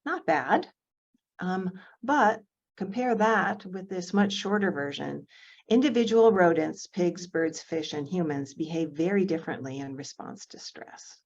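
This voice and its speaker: A low-pitched woman leads an online writing workshop, walking through examples slowly and carefully with the odd "um". Her voice comes over a video call with slightly dull, muffled audio. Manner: measured, explains step by step with fillers.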